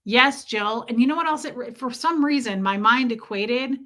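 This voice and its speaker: A woman with a bright, clear voice pitched a touch high talks casually on a live stream, reading and answering viewer comments. She is chatty and reflective, drawing out the phrases she wants to stress. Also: normal speed. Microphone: streaming mic.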